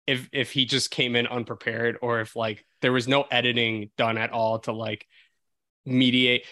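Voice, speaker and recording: A man co-hosting a casual film podcast, animated and rambling, laughing often. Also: medium pitch, moderate pace, no room sound. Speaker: podcast co-host.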